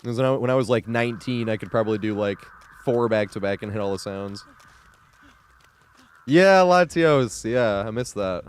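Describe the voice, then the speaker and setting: A man's voice: on the low side, normal speed, clean tone. A young man streaming a game live, chatting loosely with frequent laughs and casual swearing. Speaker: gaming streamer.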